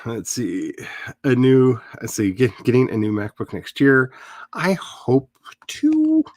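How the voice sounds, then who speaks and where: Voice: medium pitch, a little slow, a little mellow, no echo. A writer hosting a casual livestream, chatting in a rambling way and laughing often. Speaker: host of a writing livestream.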